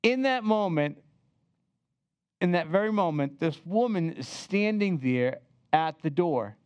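Animated older man telling a story. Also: on the high side, a little slow, smooth, no echo, highs cut off. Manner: animated, chatty, asks the listeners to remember with him. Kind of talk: personal storytelling.

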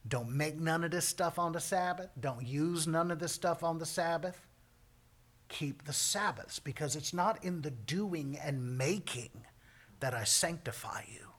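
A man teaching a Bible passage with commentary, earnest and emphatic, often sinking to a hushed, breathy near-whisper. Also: on the high side, measured pace.

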